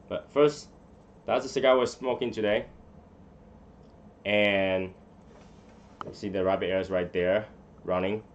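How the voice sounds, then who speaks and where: Man, low voice, casual live-stream host, rambling, mutters to himself, dull lo-fi sound. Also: slight background noise. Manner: rambling, mutters to himself while fiddling with settings. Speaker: livestream host. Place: room at home.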